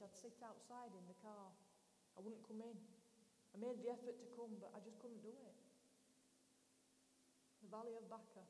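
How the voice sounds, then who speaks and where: A middle-aged woman preaches in a relaxed, conversational way, leaning on homely stories from her own life. Her voice is warm and mellow. The recording carries a long church-hall echo with a faint hiss underneath. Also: medium pitch. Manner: chatty, tells homely personal stories. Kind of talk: conversational sermon.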